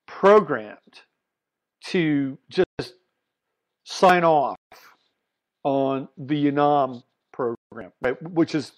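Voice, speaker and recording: A man hosting a solo commentary podcast, talking bluntly and swinging between loud emphasis and muttered asides. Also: a little high. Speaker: podcast host.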